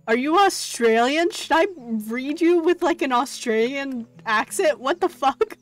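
Excitable girl streamer, slow and kinda high, coos at everyone, swears a bit. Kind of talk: casual game commentary. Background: faint game music.

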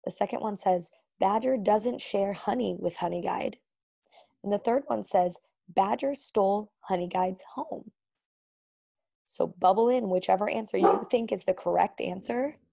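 A woman teacher reads a storybook aloud to her students and then goes through quiz questions with them. She voices the sound words with expression. Her voice is gravelly and husky, at a middle pitch. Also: measured pace, dark tone.

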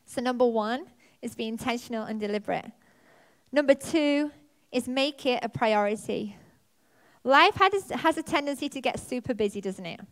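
A woman preaches to her church with a fairly high voice. She tells her story with animation, her pitch leaping as she relives the moments. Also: animated, moderate pace, fairly bright tone. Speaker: pastor. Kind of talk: sermon. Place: church auditorium.

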